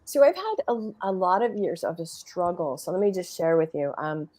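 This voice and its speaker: A middle-aged woman on a podcast panel, candidly telling a personal story in a lively, conversational way, acting out her own inner dialogue. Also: fairly low pitch, moderate pace. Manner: animated and conversational, with frequent restarts, laughs and quoted inner dialogue.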